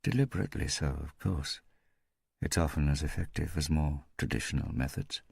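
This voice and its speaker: A man voicing a cold, bored male interrogator in an audiobook, who speaks quietly, slowly and without interest. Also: rumbling low, vocal fry, breathy edge, dry recording, clean studio sound, exaggerated voice. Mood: musing. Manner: quiet, slow, disinterested.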